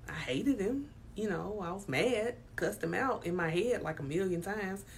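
A woman's voice: medium pitch, animated, normal speed, a little hiss or hum. A woman candidly telling a personal story in a frank, emphatic way, with casual swearing.

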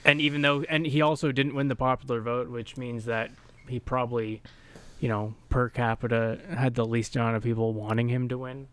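A man's voice: mid-range voice, level tone, fairly quick, fairly bright tone, clear, resonant tone. A man co-hosting a podcast in casual chat, joking and chuckling at his own bits. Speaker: podcast co-host.

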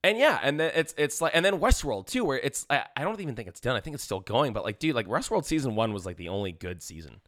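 Guy in his 20s on a podcast, swears a lot, punchy and blunt, average pitch. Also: sing-song, fast talker, few pauses, fairly bright tone. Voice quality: profane, emphatic storyteller. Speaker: podcast co-host. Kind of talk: casual chat.

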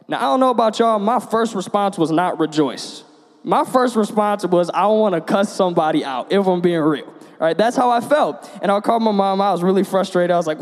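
A man's voice: high voice, animated, a little fast. A young man giving a casual sermon, telling personal stories in a conversational, self-deprecating way. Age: young adult. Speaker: preacher. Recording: long hall reverb.

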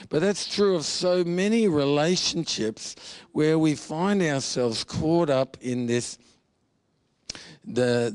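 A man's voice: medium pitch, a little mellow, dry recording. A man preaching a sermon in an earnest, confessional way, with humor and repeated phrases. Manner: earnest, confessional, mixes jokes and repetition.

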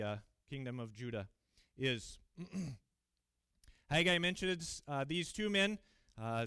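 Man preaching, earnest, emphatic, higher-pitched, smooth resonant voice, dry close sound. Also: pushed and bright, no echo. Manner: earnest, emphatic, with fillers and restarts. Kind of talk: sermon with scripture reading. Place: church.

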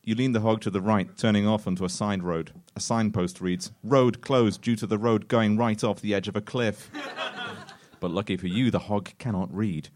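A man's voice: on the low side, steady tone, moderate pace, darkish tone. A man narrating a comic choose-your-own-adventure story in a mock-dramatic way, laughing at his own jokes. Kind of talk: comic storytelling before a live audience.

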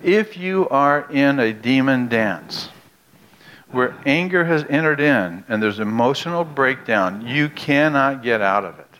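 A man preaching a sermon who tells stories dramatically, drops into hushed low lines, then rises into raised outbursts, and puts questions straight to the audience. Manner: asks the audience direct questions.

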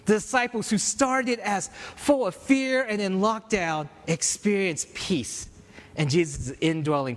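Male preacher, high-pitched, animated storytelling with fillers, in a church hall with long reverb. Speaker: campus ministry leader preaching. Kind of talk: sermon.

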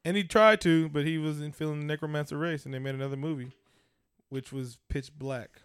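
A man co-hosting a podcast, teasing and cursing loudly with lots of laughter. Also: on the high side, fairly even intonation, brisk, smooth, no echo, studio quality. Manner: loud, teasing, laughing, profane. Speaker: podcast co-host. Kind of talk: casual banter.

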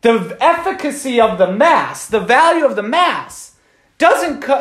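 High-voiced priest preaching in an echoey church. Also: male voice, big pitch swings, a little slow, a bit bright. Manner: conversational, frequent "right?" and "like". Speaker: Catholic priest. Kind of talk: informal Sunday homily.

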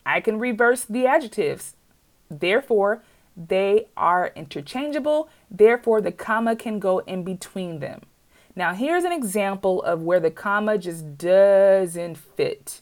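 A woman's voice: medium pitch, lively intonation, a little slow. Chatty woman teaching grammar. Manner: chatty, playful asides, frequent checks with the viewer. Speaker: writing teacher. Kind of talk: casual grammar lesson.

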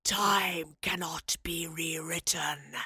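A woman voicing an ancient hooded time guardian in an audiobook, speaking in a slow, hollow, rasping whisper. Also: low voice, fairly even intonation, pushed and bright, dry recording, clean studio sound, pitched below the performer's own voice, heavily acted. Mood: cold menacing. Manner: slow, measured, menacing. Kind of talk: audiobook narration.

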